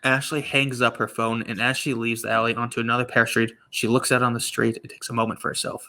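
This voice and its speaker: A man's voice: medium pitch, flat delivery, pushed and bright. A man co-hosting a comedy podcast, reading his own script aloud with playful stumbles. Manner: playful, stumbling, quick to laugh.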